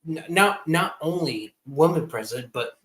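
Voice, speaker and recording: A man's voice: a little high, animated, normal speed, fairly bright tone, poor audio. A drunk man in his twenties, a livestream guest, ranting heatedly and swearing constantly in casual chat. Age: 20s.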